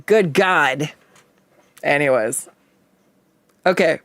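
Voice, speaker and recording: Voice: mid-range voice, a little slow, pauses often, no echo. A VTuber art streamer chatting casually while drawing, rambling and laughing often, and swearing freely when annoyed. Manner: self-deprecating, laughs often.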